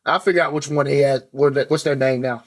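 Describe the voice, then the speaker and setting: A man's voice: medium pitch, steady tone, fast. Laid-back man hosting a podcast. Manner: laid-back, laughs along. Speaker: podcast host. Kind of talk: casual podcast chat.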